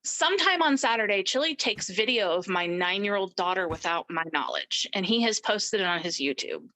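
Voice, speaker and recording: A middle-aged woman telling her personal story as an interview guest, animated and acting out the voices of people she quotes. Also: medium pitch, normal speed, low-quality recording. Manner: animated, acts out quoted speech.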